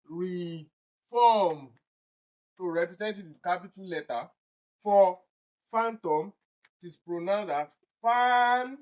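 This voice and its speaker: A Nigerian man with a Nigerian English accent tutors exam candidates in an online exam-prep lesson, explaining answers step by step. He slowly repeats each word to drill its pronunciation. His voice is high-pitched, and the recording quality is low.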